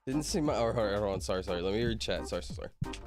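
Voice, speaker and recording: Brief: male streamer, animated pitch, chatty and apologetic, faint music underneath. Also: rapid-fire. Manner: rambling, laughs often, apologizes repeatedly. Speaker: livestreamer. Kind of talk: casual livestream chat. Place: at his computer streaming.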